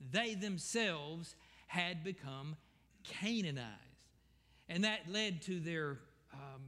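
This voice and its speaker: A man's voice: high-pitched, pushed and bright. A male pastor preaching a sermon in a folksy, digressive way, often correcting himself mid-sentence, in a church sanctuary. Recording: long reverb of a church hall.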